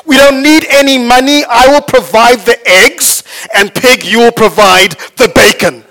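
A man voicing an eager, excitable male chicken in a story told during a sermon. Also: measured pace, heavily acted, poor audio. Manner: excited, high and bright.

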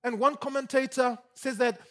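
A male preacher with a strikingly high voice delivers his sermon with lively, emphatic energy. He drops soft and low for asides, then climbs in pitch and volume when he presses a point, stumbling over repeated words. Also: moderate pace.

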